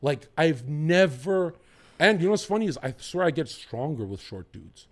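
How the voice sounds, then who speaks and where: A man's voice: fairly high pitch, lively intonation, moderate pace. A man talking as a podcast guest, rambling and swearing as he jumps from one topic to the next. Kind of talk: casual podcast chat.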